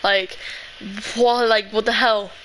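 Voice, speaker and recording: Rambling young woman, high voice. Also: steady tone, slow, fairly bright tone, a little hiss or hum, poor audio. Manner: emotional, rambling, full of "like". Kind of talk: casual storytelling.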